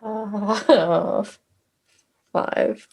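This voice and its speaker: A woman's voice: mid-range voice, fairly even intonation, very slow, gravelly, a little mellow, slightly rough. A woman talking casually as a player in a tabletop role-playing game, hesitant with fillers and swearing now and then. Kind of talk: tabletop role-play chat.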